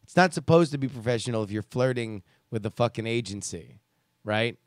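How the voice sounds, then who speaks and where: A man's voice: mid-range voice, expressive, brisk, no room sound, studio quality. A man hosting a casual commentary show who rants in a sarcastic, profane way and reads listener emails. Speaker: podcast host reading listener emails.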